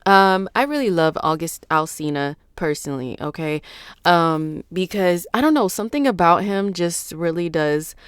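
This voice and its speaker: A woman astrologer talks straight to the camera first thing in the morning, just out of bed. Her voice sits very low yet stays unusually clean and resonant. She chats in a loose, rambling way with street slang, and the sound is dry and close with no room around it. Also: expressive, moderate pace, clean tone, no echo. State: just woken up. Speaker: astrologer and channel host. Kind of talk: casual unscripted vlog talk.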